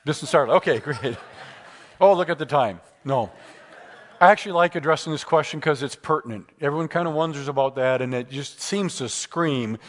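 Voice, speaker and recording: A man's voice: a little high, quick pace, few pauses, a bit bright. A man giving a public lecture with Q and A, conversational and emphatic, moving into stories. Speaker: guest speaker.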